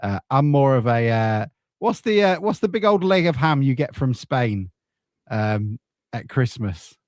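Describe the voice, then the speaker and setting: A man hosting a casual football podcast, joking and relaxed with plenty of fillers. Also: mid-range voice, measured pace, no room sound, studio quality. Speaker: podcast host.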